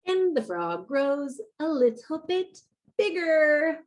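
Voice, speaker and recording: Woman, high voice, unhurried, children's read-aloud, playful, exclaiming to kids. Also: very animated, a little mellow. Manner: playful, exclaiming to young listeners. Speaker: school librarian.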